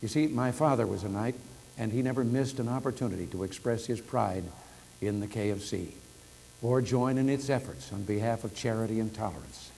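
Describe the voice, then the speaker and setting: A man in his seventies delivering a formal speech by telephone, telling anecdotes in a folksy storytelling manner with gentle humor. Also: fairly low pitch, a little fast, vocal fry, low-quality recording. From United States. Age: 70s. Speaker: president giving remarks. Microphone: telephone hookup. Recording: archival telephone speech with faint noise.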